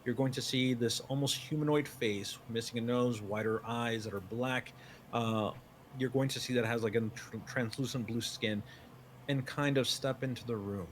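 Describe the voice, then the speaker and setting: Male GM, mid pitch, narrates a tabletop scene loosely and descriptively, with a faint hiss behind. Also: steady tone, normal speed. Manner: descriptive second-person narration with many fillers. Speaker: game master.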